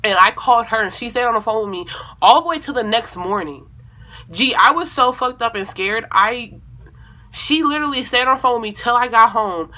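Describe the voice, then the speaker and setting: A young woman vlogger telling a personal story in a casual, animated way, with lots of profanity and acted-out quotes. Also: fairly high pitch, a little fast.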